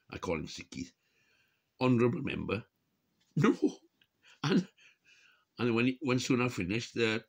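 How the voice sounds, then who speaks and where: A man's voice: lowish voice, fairly bright tone. A man talking casually and wryly to his camera in a rambling vlog monologue. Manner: chatty, wry, given to chuckling asides. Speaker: vlogger.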